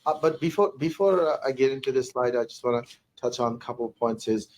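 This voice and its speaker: A man speaking on a business webinar panel at a middling pitch. He rambles through his points and keeps restarting his sentences. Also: fast talker, a little mellow, poor audio. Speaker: tech company executive.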